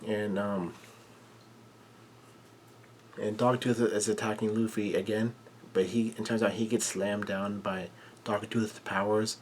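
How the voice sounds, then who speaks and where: A man with a fairly low voice walks through a manga chapter panel by panel, stringing events together with "and" and frequent fillers. There is a faint hiss of background noise under his voice. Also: flat delivery. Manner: halting, run-on narration with many fillers. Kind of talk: casual chapter recap.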